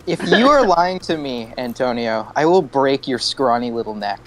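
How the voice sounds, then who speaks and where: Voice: mid-range voice, expressive, normal speed, slight background noise, pitched below the performer's own voice, close to an everyday voice. A tabletop player voicing a tough adventurer who growls a threat at a captive. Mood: menacing.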